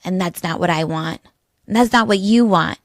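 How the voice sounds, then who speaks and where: A woman hosting her own podcast, delivering a cynical, deadpan monologue with biting sarcasm. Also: lowish voice, moderate pace, dry recording, clean studio sound. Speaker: podcast host.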